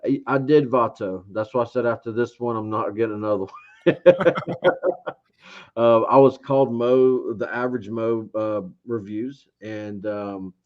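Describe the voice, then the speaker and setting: A man from Georgia, appearing as an interview guest who reviews beards, rambles through a story in casual chat, acting out what he used to think. His voice is medium-pitched and measured, and the recording has a dull, lo-fi sound.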